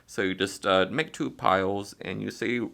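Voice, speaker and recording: A man casually explaining a card trick in a relaxed, chatty way as a magic tutorial host. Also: fairly low pitch, moderate pace, vocal fry. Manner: relaxed and chatty, with fillers and small laughs.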